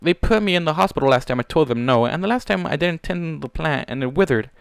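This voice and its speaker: A man's voice: on the high side, expressive, fast, gravelly, clean tone, no room sound, studio quality. A man voicing a young male pegasus guard from a pony fan story, sullen and mumbling in manner. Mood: defeated.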